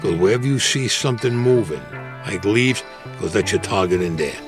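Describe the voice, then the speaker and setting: A Vietnam veteran from Brooklyn, New York speaks at a moderate pace with a lowish, expressive voice, music in the background. Telling his war stories in an interview, he's gruff and blunt, using street talk and acting out dialogue.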